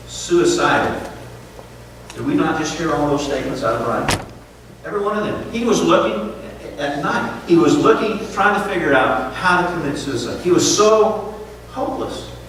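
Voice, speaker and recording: A man preaching a sermon as pastor, animated, who keeps checking in with the congregation with "okay?" and "right?". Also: fairly high pitch, a little hiss or hum. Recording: echoey hall, voice from far off.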